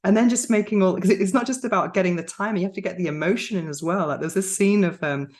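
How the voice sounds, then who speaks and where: A woman's voice: medium pitch, fast, darkish tone, a little hiss or hum. A woman hosting a podcast, chatting casually, laughing often and restarting her sentences. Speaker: podcast host. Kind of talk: casual interview chat.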